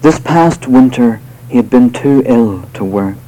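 Slow, mellow-voiced man reading poetry. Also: medium pitch, lively intonation, low-quality recording. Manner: measured, unhurried verse delivery with hesitant asides. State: voice slightly off tonight. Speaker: poet giving a reading. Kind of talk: poetry reading with spoken asides. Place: live venue with an audience.

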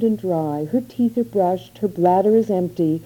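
Low, mellow woman reading literary fiction. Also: measured pace, slightly rough, low-quality recording. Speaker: narrator.

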